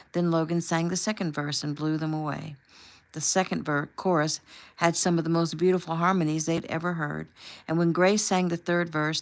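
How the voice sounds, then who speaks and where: A woman casually reading her own book aloud at home, with small slips and restarts. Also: sits low. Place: home room.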